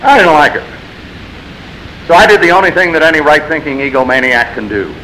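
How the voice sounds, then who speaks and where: A man stands up at a recovery meeting and tells his own story, blunt and self-mocking, swinging between wry humor and exasperation. His voice is bright and sits a little high, with a faint hiss running under the recording. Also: fairly quick, poor audio. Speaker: AA speaker sharing his story. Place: meeting room.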